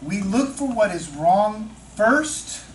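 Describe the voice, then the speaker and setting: A man leading a teacher-mentoring workshop, chatting with the audience, asking questions and slowing down to stress key points. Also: high-pitched, very animated, slight background noise. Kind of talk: interactive workshop talk. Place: training room with audience. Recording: echoey room, distant mic, faint ambience.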